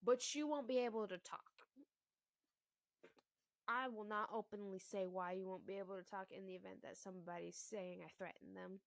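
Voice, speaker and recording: A young woman in her twenties, a mother, ranting bluntly to the camera about relationships with heavy swearing and loud emphatic bursts. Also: mid-range voice, vocal fry, dry recording. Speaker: mother and vlogger.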